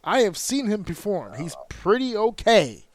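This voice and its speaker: A man's voice: high voice, sing-song, unhurried, dry recording. A man hosting a podcast, telling stories in a casual, profane way with mock outrage. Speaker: podcast host. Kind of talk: casual wrestling chat.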